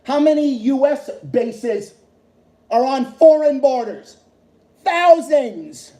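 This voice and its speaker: A man's voice: very high-pitched, lively intonation, takes it slowly, dark tone. Fired-up man ranting, echoey room. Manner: profane, repetitive, heated ranting. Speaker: livestream host. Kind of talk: heated political rant on a livestream.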